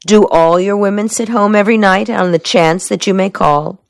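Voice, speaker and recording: A woman's voice: mid-range voice, moderate pace, vocal fry, dry recording, studio quality, voice pushed up, close to an everyday voice. A woman voicing a teasing, evasive young woman with a mocking manner. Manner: playful, mocking. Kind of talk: audiobook dialogue reading.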